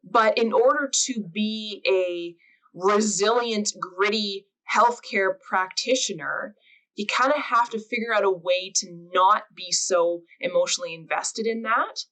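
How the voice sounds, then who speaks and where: A woman's voice: medium pitch, a little slow, sharp tone, poor audio. A woman hosting a podcast, talking casually in long, chatty run-on sentences. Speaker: podcast host.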